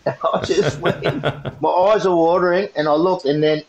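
A man's voice: fairly high pitch, moderate pace. A man telling a story in a casual chat, laughing often as he goes. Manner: laughing often, animated retelling. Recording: muffled lo-fi sound.

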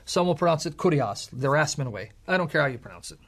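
A man's voice: a little high, expressive, fast, fairly bright tone. A man co-hosting a religious radio show, teaching emphatically and quoting scripture. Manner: emphatic, lecturing, quotes scripture. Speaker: co-host, Bible teacher.

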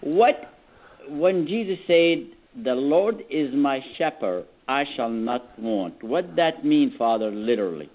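A male caller with a Middle Eastern accent, speaking politely and formally in halting phrases over the phone. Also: medium pitch, expressive. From Assyrian. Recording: tinny phone line.

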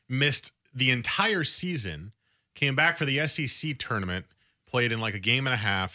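A man's voice: mid-range voice, pushed and bright. A man co-hosting a sports radio show, talking in a casual, emphatic and opinionated way.

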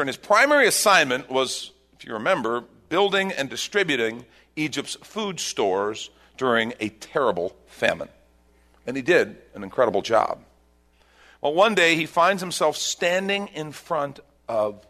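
In his sermon, this male pastor recounts a scripture story, alternating forceful bursts with softer, reflective passages. He speaks at a medium pitch.

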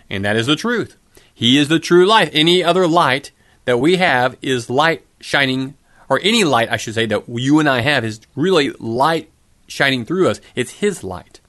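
Male preacher, middle-aged, conversational sermon delivery, a touch high in pitch. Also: a bit bright. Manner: conversational, asks rhetorical questions.

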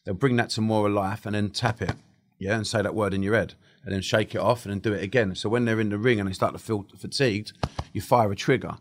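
Male hypnotist guest, fast-paced storyteller who mimics others mid-anecdote. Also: lowish voice, steady tone. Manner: rapid storytelling, acting out quoted voices. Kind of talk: casual podcast chat.

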